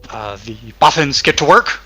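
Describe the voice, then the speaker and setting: A man co-hosts a loose conversation, talking in a laid-back, blunt way with the odd swear word. His voice is bright and a touch high. Faint music plays in the background. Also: lively intonation, moderate pace. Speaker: podcast co-host. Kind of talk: casual alternate-history chat.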